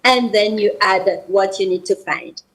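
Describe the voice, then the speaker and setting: A woman's voice: medium pitch, unhurried, a bit bright, poor audio. A woman with a French accent, a guest on a morning TV show, patiently teaching French phrases and repeating them for the hosts to practise.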